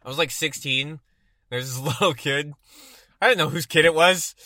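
A young man from Texas, in his twenties, tells a story on a casual podcast with a high, bright voice. He laughs a lot and acts out the voices of the people in it. The sound is close and dry. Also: normal speed, no echo. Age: 20s. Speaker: podcast co-host. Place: in a car.

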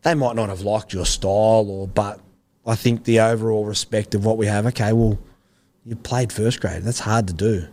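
A man's voice: on the low side, steady tone, normal speed, a little mellow. Laid-back Australian man telling footy stories. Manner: laid-back, rambling anecdotes with slang. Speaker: interview guest, former rugby league player. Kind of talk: casual interview storytelling.

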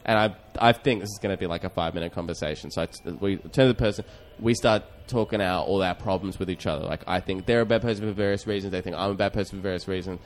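A man's voice: low-pitched, fast, few pauses, a little hiss or hum. A man, a comedian hosting a podcast who tells a story in a rambling, self-deprecating way with lots of fillers. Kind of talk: casual storytelling.

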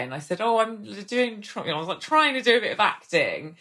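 A woman's voice: a little high, big pitch swings, quick pace, a bit bright. A woman in her thirties, a podcast guest, telling long rambling anecdotes and acting out the voices of the people in them. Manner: rambling storyteller, acts out quoted voices. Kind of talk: casual podcast chat.

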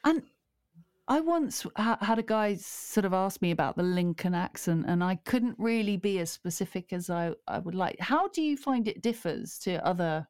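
Middle-aged woman guest, rambling chatter, smooth tone, dry close sound. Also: mid-range voice, animated, moderate pace, darkish tone, no echo. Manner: chatty, rambling with many fillers. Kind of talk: casual chat.

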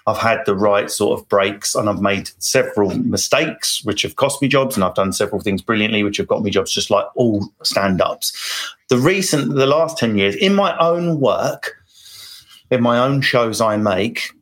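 A man's voice: on the low side, normal speed, a bit bright. A middle-aged man, a comedian giving candid interview answers in wry, rambling anecdotes with self-mocking asides. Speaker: comedian guest.

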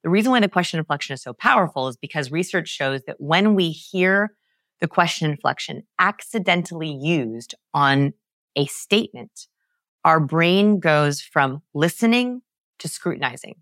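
A woman guest on a podcast, explaining research with emphatic, animated storytelling and big pitch swings. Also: normal speed, no echo, clean studio sound. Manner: lively, emphatic, swings pitch high to act out examples.

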